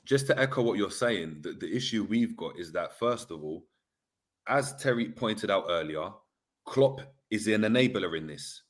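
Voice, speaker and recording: A man debating football as a fan pundit, measured and explanatory as he builds an argument. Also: lowish voice, animated.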